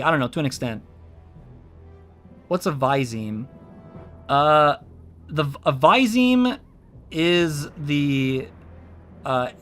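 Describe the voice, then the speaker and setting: Rambling man streaming, fairly high voice. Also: fairly bright tone. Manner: rambling, explains with many fillers. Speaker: VTuber streamer. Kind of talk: casual stream chatter. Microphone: own streaming mic.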